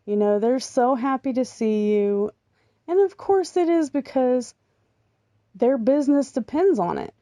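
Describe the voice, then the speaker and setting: A woman's voice: high-pitched, animated, measured pace, warm tone, dry recording, studio quality. A middle-aged American woman talking casually in a vlog, rambling and chatty with lots of ums and little laughs. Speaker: vlogger. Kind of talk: casual chat.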